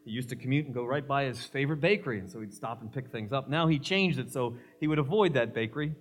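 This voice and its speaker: A man's voice: medium pitch, fast. A male pastor preaching a sermon, emphatic, mixing scripture with humorous stories.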